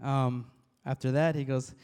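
Man, police officer, church testimony, halting restarts, smooth clear voice, long hall reverb. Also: medium pitch, flat delivery, a little mellow. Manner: halting and earnest, with many restarts.

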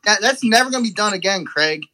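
A man with a high, bright, forceful voice argues sports in a heated back-and-forth. He sounds exasperated and insistent, and he keeps interrupting to press his case. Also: lively intonation, fast, poor audio.

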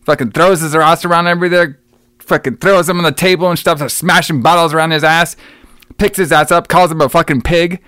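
Profane, animated male podcast co-host. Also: on the high side, a little fast, dry recording, studio quality. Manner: animated, profane storytelling with laughs. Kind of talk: casual chat.

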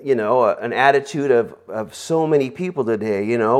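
A male preacher gives an informal, conversational sermon at a middle pitch. He rambles through many asides and fillers and drops in jokes along the way. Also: brisk. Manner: rambling, filler-heavy, joking.

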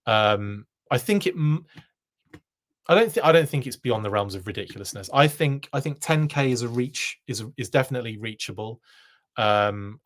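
A man hosting a live stream reads chat comments aloud, casual and self-deprecating, laughing often. His medium-pitched voice is animated and moves at a moderate pace.

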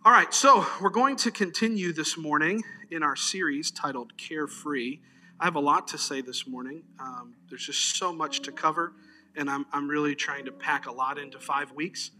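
Male pastor: bright, lively storyteller preaching to his church, peppers talk with amens. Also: a little high, moderate pace. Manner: conversational, animated storyteller, frequent "amen". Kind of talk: sermon. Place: church service.

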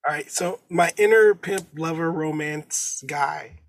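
A man's voice: fairly high pitch, unhurried. A man co-hosting a casual chat, brash and joking as he gives advice.

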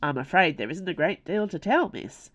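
A woman reading aloud voices a gruff, sheepish police sergeant who talks in plain colloquial phrases. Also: fairly low pitch, expressive, normal speed, fairly bright tone, dry recording. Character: gruff, sheepish, bashful working-class police sergeant, man. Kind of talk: audiobook character voice.

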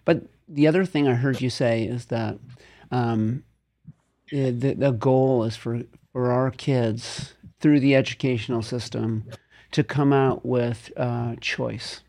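A man interviewing a guest, who talks in a thoughtful, measured way and sums up what the guest has said. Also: mid-range voice, fairly even intonation, mellow. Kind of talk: interview conversation.

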